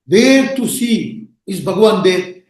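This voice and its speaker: Echoey, high-voiced male teacher. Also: big pitch swings, slow pace, darkish tone. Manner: earnest, rhetorical questions, emphatic repetition. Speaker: spiritual teacher. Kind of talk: scripture discourse with storytelling. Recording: very echoey room.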